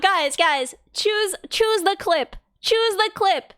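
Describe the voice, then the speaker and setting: A woman's voice: very high voice, expressive, slow, hardly any pauses, a bit bright, no echo, studio quality. A young woman, chatting casually on a live stream, giggly, rambling and self-mocking. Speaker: VTuber streamer.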